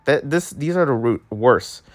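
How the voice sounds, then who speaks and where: A young adult vlogger rants in exasperation, repeating and restarting words, and their accent wanders and shifts as anger builds. The voice is mid-range, expressive and unhurried.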